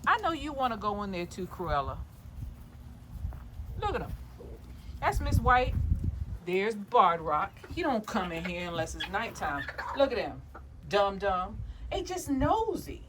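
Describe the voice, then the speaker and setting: A woman's voice: a little high, big pitch swings, slow pace, pauses often, slight background noise. A woman homesteader recording a casual vlog outdoors at her backyard coop, playfully teasing and talking to her hens as if they were children.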